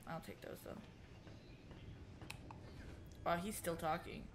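A woman gaming streamer chatting casually and excitedly through a horror game playthrough. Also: on the low side, slow pace, noisy background. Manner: chatty, excitable, reacts aloud.

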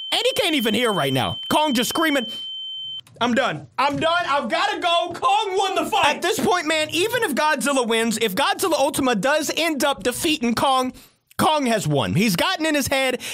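A reaction video host giving excitable, chatty play-by-play in casual commentary, laughing often. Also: sits high, normal speed, noisy background.

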